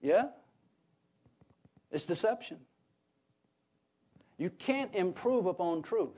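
A man preaching a Bible teaching sermon, emphatic, often pausing on "what?" so listeners fill in the words. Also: sits high, lively intonation, mellow, husky. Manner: emphatic, repeats key phrases. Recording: dull lo-fi recording.

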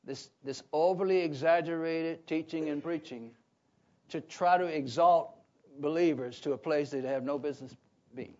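Guy preaching a bible lesson, high voice, keeps asking "what?" for the crowd to finish, dull lo-fi sound. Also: moderate pace, a little mellow. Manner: leaves gaps with "what?" for listeners to fill in; emphatic, repeats key phrases. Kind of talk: Bible teaching sermon. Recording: dull lo-fi recording.

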